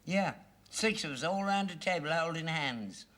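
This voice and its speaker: Sitcom old man, earnest, insistent, bright-toned, lively pitch. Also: moderate pace. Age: older. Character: gullible old rag-and-bone man, earnest believer. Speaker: father. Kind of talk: 1970s sitcom acting.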